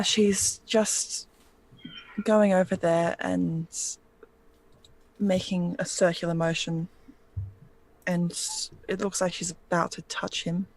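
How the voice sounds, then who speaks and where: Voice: mid-range voice, vocal fry, no echo, low-quality recording. A player in a tabletop game, describing a character's actions in a hesitant way.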